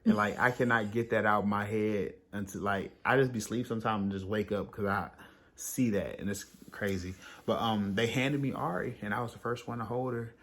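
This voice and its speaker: A man's voice: on the low side, steady tone, a little fast, a bit bright. Rambling young man telling a story. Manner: rambling, restarts, laughs at himself. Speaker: new father, co-host. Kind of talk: casual storytelling vlog.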